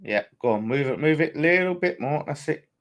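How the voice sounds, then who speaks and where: A man hosting a live fan watchalong of a football match, talking excitably to his viewers, swearing freely and bantering as the play unfolds. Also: fairly high pitch, fairly quick, muffled recording. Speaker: fan channel host.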